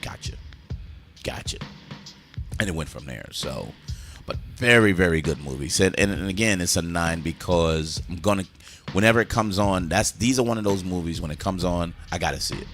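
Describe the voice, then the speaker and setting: A man's voice: deep voice, a little fast, fairly bright tone, faint music behind. A man hosting a casual movie review chat, enthusiastically retelling scenes and swearing freely.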